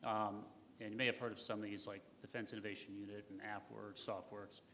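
American guy on a conference panel, lowish voice, rambly, hall echo and faint hum. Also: level tone, fairly quick, sharp tone. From United States. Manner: casual, rambling with fillers. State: jet-lagged. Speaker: panel speaker. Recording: hall reverb, faint noise.

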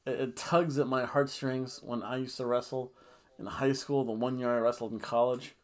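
A man's voice: medium pitch, level tone, moderate pace. A man casually reviewing a wrestling show, rambling and joking, a little tipsy from red wine. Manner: jokey, rambling, breaks into goofy singing and chants. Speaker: podcast co-host reviewing wrestling.

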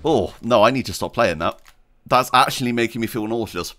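A man's voice: medium pitch, fairly quick, a bit bright. A man hosting a gaming video, chatting casually and rambling while he plays, laughing often and talking to himself. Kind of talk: casual gameplay commentary.

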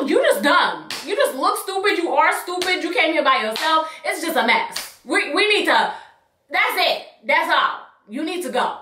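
A young woman tells a storytime for her vlog, sassy and animated, acting out every line people said. Her voice sits high and bright. The sound is roomy, with the mic a bit off from her. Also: far from the mic. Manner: sassy, animated, acts out quotes. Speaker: YouTuber telling a story.

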